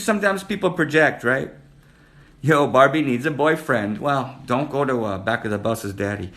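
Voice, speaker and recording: A man's voice: mid-range voice, moderate pace, a bit bright. A man hosting a casual live stream, flirting playfully and calling out viewers by name. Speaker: livestream host reading viewer comments.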